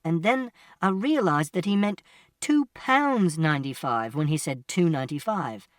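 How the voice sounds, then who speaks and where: A man's voice: fairly high pitch, expressive, moderate pace, no echo. A man reading a novel aloud in the first person, giving a plain, literal, step-by-step telling. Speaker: audiobook narrator. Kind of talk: first-person audiobook narration. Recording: distant mic, dry sound.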